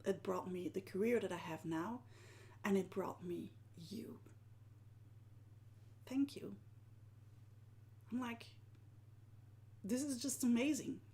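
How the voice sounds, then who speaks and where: A woman, a live-streaming art journaling teacher who often sinks into a soft whisper and laughs at herself. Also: mid-range voice, takes it slowly, long pauses. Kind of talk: live-stream talk to viewers.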